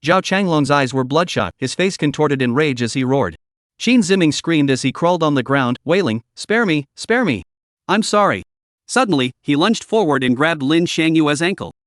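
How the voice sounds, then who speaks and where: A man's voice: fairly high pitch, expressive, moderate pace, no room sound, studio quality. A man narrating a dramatic story recap in a scripted storytelling style.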